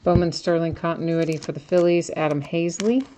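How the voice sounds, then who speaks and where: Woman, deep voice, casual card-break host, chatty, self-mocking, crinkling wrappers and noise behind. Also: fairly even intonation, a little fast, warm tone. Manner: chatty, laughs at herself, reads out card names. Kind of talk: casual live-stream commentary while opening cards.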